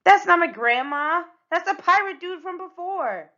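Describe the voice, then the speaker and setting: A woman's voice: very high-pitched, expressive, normal speed, pushed and bright, dull audio, pitched above the performer's own voice, full character voice. A woman voicing an eager, rule-following young girl in a storybook, earnest and chirpy.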